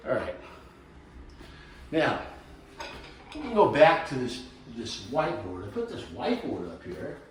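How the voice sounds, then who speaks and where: A man's voice: mid-range voice, echoey room, recorded from a distance, a little hiss or hum. A man in his sixties, chatting in a folksy, rambling, self-joking way while cooking at home. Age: 60s. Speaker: vlogger. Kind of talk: casual kitchen vlog. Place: home kitchen.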